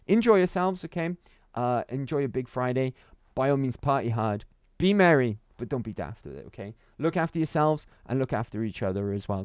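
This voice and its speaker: Guy rambling to his stream chat, voice jumps all over, smooth and clear, repeats stuff. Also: a little high, darkish tone, no room sound, clean studio sound. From Wales. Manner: chatty and rambling, repeats himself, chuckles often. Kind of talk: casual livestream chat to viewers.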